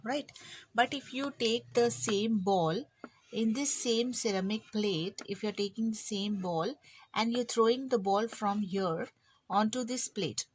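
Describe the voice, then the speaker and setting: An Indian English woman teaches a physics lesson online. She talks casually and plays her students' remarks in a joking way. Her voice sits in a middle pitch, with a faint hiss behind it. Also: a little slow. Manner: chatty, acts out students' lines teasingly.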